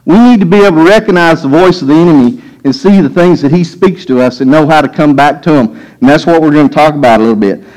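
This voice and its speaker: A man's voice: on the high side, fast talker, hardly any pauses, a little mellow, rough recording. A man preaching a sermon, telling a scripture story and acting out the voices with rising emphasis. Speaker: pastor.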